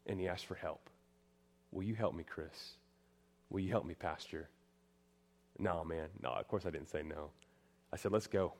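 A male pastor preaching a sermon, moving between loud emphatic cries and hushed tender moments, peppering the congregation with rhetorical questions. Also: mid-range voice.

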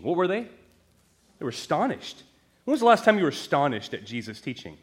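Animated preacher with a lively voice. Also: male voice, a little high, brisk, pauses often. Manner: expository preaching, rhetorical questions, swings from loud to hushed; jokes lightly with the congregation. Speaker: pastor. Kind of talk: sermon.

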